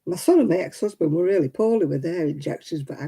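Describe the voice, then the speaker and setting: A woman's voice: sits low, a little fast, creaky, few pauses, dark tone, slightly rough, rough recording. A middle-aged woman, hosting a homely livestream and chatting with viewers while she crochets. She laughs often and counts her stitches aloud. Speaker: livestream host. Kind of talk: casual chat while crocheting, answering viewers.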